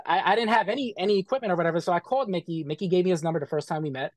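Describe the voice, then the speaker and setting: A man's voice: high-pitched, racing, no room sound, clean studio sound. A man being interviewed, bluntly retelling a bad experience in casual, profane talk full of quoted back-and-forth.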